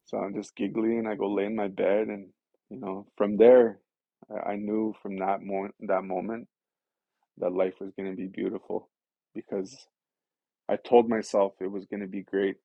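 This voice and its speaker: A man with a low, gravelly voice tells his recovery story as a guest. He talks in an earnest, rambling way, leaning on fillers. The recording is dull and lo-fi, with a dry sound. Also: little pitch movement, normal speed, dry recording. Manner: earnest and rambling, many fillers like "you know" and "right". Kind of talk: candid personal storytelling.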